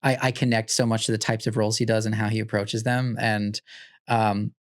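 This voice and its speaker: A man talking as a guest on a podcast, reflective and articulate in a relaxed chat. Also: on the low side, fairly quick. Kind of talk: casual interview chat.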